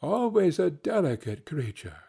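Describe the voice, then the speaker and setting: A man doing a gentle, solemn spirit that speaks softly and slowly. Each word is measured and calm, like a guide in a storybook reading. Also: a little high, creaky, slightly rough, full character voice.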